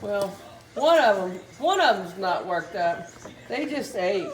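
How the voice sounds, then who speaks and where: A woman's voice: medium pitch, very animated, takes it slowly, echoey room, a little hiss or hum. A woman filming her puppies at home, cooing and baby-talking to them and laughing often. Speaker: puppy breeder filming her litter. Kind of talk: casual home video narration. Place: indoors at home with dogs.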